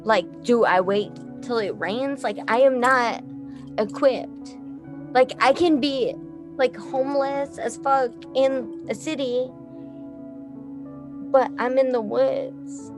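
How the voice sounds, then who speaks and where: A woman's voice: high-pitched, slow, music in the background. A young woman from Texas, a musician guest telling a story casually, rambling with lots of fillers, swearing and laughing often.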